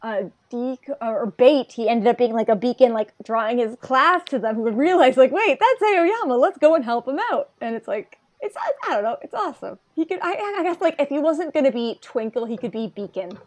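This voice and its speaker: Fairly high-pitched and animated, this podcast co-host talks a bit fast with hardly any pauses. She rambles casually through an episode recap, dropping "like" again and again.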